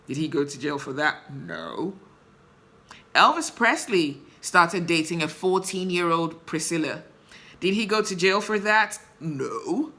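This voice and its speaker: Impassioned woman host, lowish voice with a bright edge, emphatic rhetorical delivery. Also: lively intonation, slow pace. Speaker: show host. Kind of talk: opinion commentary to camera.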